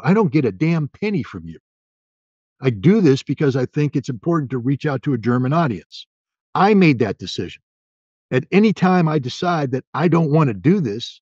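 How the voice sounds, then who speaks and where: A man's voice: medium pitch, big pitch swings, slightly rough, dry recording. American man, 60s, interview guest, emphatic and restarting, muffled dry call audio. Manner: halting and emphatic, many restarts, grows forceful and defiant. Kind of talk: remote interview answer.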